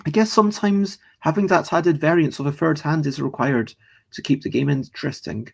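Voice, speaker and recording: Gravelly-voiced man rambling on stream. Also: on the high side, normal speed. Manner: chatty, rambling, self-correcting, talks to chat viewers. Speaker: streamer and host. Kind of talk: casual live-stream rambling.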